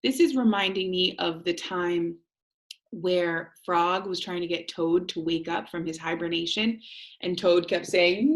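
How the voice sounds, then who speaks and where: A woman teacher reading a storybook aloud and explaining it to students, asking them gentle questions. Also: on the low side, unhurried.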